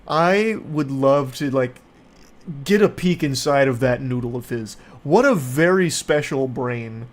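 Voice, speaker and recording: A man hosting commentary who reads out text messages and mocks them with sarcastic, profane, deadpan humor. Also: medium pitch, measured pace. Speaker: host.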